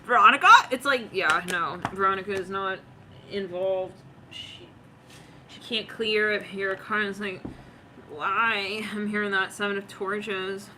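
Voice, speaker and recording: Bright, giggly woman giving a tarot reading. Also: medium pitch, steady tone, unhurried, slight background noise. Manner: giggly, slangy, dramatizing with "it's like". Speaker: tarot reader.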